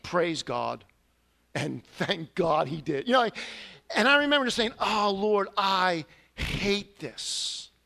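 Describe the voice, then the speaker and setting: A man's voice: high voice, lively intonation, slow pace, gravelly, bright, forceful tone. A man preaching a sermon, telling a personal confession in an earnest, storytelling way with sudden emphatic rises. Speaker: pastor.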